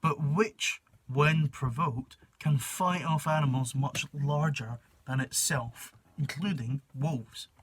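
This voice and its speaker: A man's voice: mid-range voice, slow pace, few pauses, slight background noise, natural voice. A man putting on a posh English school prefect. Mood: formal. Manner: reads aloud in a mock-formal English voice.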